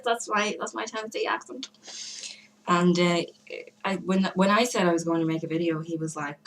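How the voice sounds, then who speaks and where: A woman's voice: fairly low pitch, unhurried, pauses often, a little hiss or hum, low-quality recording. A young woman chatting to camera from her room at home, rambling and hesitant, with many fillers and restarts. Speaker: vlogger giving forum shout-outs. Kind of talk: casual rambling monologue to camera.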